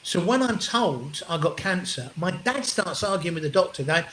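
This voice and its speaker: A man, a comedian guest telling animated, sweary stories in an interview and acting out what people said. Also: high voice, normal speed, a little hiss or hum. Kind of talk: storytelling interview chat. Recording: roomy echo.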